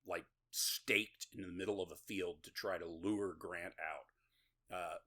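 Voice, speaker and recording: A man hosting a podcast, casually retelling a horror movie with laughs, swearing and quick quoted lines. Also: sits low, steady tone, sharp tone. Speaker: podcast host. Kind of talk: casual movie recap chat.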